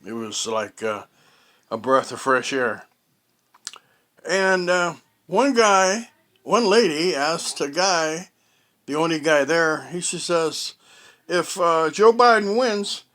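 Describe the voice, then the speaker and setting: A man tells a story in a casual monologue from his home. His voice sits a little high and he speaks slowly. He halts often, filling gaps with fillers and starting phrases over. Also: animated, fairly bright tone. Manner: rambling and halting, with many fillers and restarts. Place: at home, indoors.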